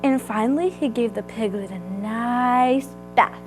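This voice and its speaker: Woman reading a kids story out loud, high voice, bouncy pitch, slow, faint music behind. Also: rough recording. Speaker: storybook reader. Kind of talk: read-aloud storytelling.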